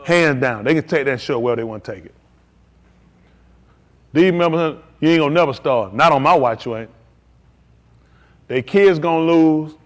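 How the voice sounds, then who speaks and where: A man's voice: on the high side, normal speed, long pauses. A man preaching a live-streamed sermon to his congregation, emphatic and repetitive, hammering short punchy declarations. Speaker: pastor.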